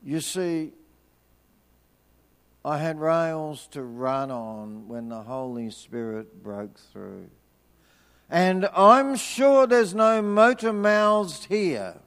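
A man preaching a sermon, telling a personal story with energy, then dropping into hushed, slow prayer. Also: fairly high pitch, animated. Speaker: pastor.

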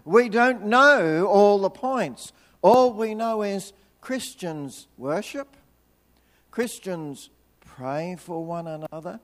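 Unhurried older preacher in a reverberant hall. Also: male voice, high voice, a bit bright. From Tasmania, Australia. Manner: chatty and humorous, with wry asides. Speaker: visiting preacher. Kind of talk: storytelling sermon. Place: church hall.

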